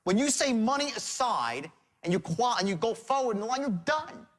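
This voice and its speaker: A middle-aged man teaching a sales seminar, animated, acting out calls with shifting tones. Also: extremely high pitch, normal speed. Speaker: sales trainer.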